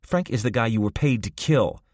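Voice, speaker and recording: A man's voice: medium pitch, moderate pace, darkish tone, no room sound, clean studio sound, voice pushed up, close to an everyday voice. A man voicing a blunt, impatient female police detective in an audiobook, questioning firmly. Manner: firm, clipped questioning. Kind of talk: audiobook character voice.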